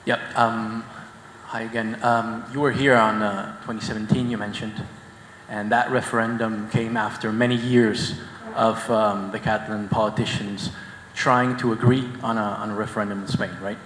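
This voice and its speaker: A man from the audience asking a question at a conference, earnest and halting, with many fillers. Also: lowish voice, flat delivery, a bit bright. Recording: echoey hall, faint background noise.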